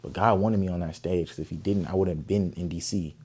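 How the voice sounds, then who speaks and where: Deep-voiced young man. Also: fast talker, breathy edge. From Oakland, California. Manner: animated, profane, emphatic storytelling. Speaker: guest artist. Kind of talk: storytelling interview.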